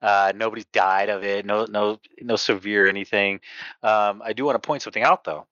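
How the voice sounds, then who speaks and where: A man co-hosting a podcast, talking in a relaxed, agreeable way and laughing easily. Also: fairly low pitch, a little fast, dry recording. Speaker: podcast co-host. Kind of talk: casual podcast chat. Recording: dull, dry podcast audio.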